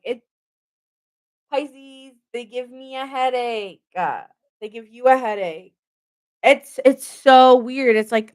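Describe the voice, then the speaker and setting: A woman's voice: on the high side, normal speed. A young woman giving a casual live tarot reading. She rambles, laughs often and chats with her viewers. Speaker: tarot reader.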